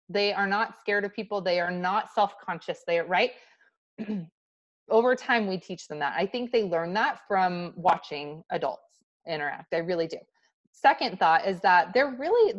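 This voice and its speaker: A woman's voice: medium pitch, lo-fi sound. A woman in her thirties hosting a livestream, talking candidly and casually to her viewers with many restarts. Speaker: host of a livestream talk. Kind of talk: casual talk to a live audience.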